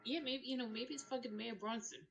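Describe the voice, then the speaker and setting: A woman's voice: on the high side, fairly even intonation, a little fast, creaky, slight background noise. A woman playing a tabletop game, rambling and swearing, with many fillers. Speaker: player. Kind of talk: casual tabletop play.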